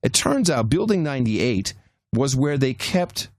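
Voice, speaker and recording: A man's voice: mid-range voice, big pitch swings, unhurried, no echo, studio quality. A man co-hosting a podcast, telling a long travel anecdote in casual chat with frequent restarts and fillers. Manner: rambling anecdotes with many restarts. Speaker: podcast co-host.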